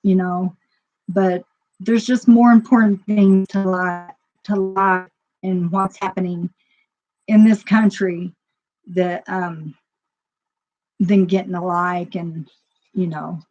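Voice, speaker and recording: A woman's voice: on the low side, fairly even intonation, slow, pauses often, a little mellow. A woman who owns a store, talking to her viewers in a loose, rambling vlog monologue full of "you know" fillers. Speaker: store owner. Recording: dull lo-fi recording.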